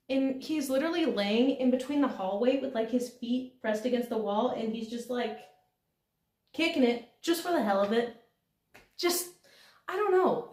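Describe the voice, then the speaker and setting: A woman's voice: on the high side, animated, moderate pace, a little mellow. A young woman from the United States telling a rambling, casual diary vlog, laughing often. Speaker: vlogger. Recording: echoey room.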